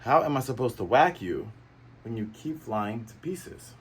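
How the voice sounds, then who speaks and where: Man plays a hot-headed young pirate, muttering, husky. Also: medium pitch, lively intonation, measured pace. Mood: frustrated.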